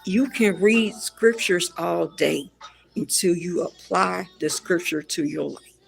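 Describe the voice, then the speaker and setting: A woman with a gravelly, fry-laden voice delivers casual pop culture commentary. She talks bluntly, circles back on her points and sounds exasperated. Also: lowish voice, takes it slowly.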